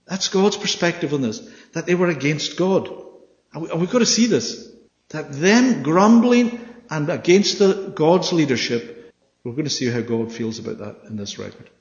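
A man preaching a Bible study sermon, animated and often checking with his listeners through questions. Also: on the high side, moderate pace. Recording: echoey hall, dull sound.

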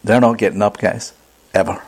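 A man's voice: lowish voice, steady tone, normal speed, darkish tone, husky. A man preaching a sermon, reading scripture aloud and pressing the congregation with emphatic questions. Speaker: pastor.

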